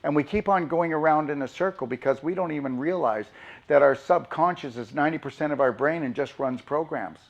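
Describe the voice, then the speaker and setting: A man's voice: fairly high pitch, dull audio. Emphatic man asking rhetorical questions. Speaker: doctor giving a talk. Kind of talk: impassioned motivational talk.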